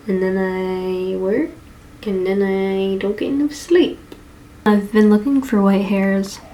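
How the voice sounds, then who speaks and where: A woman's voice: medium pitch, warm tone, a little hiss or hum. A young adult woman talking candidly in a casual diary vlog, rambling with restarts as an animator at home. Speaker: animator vlogger.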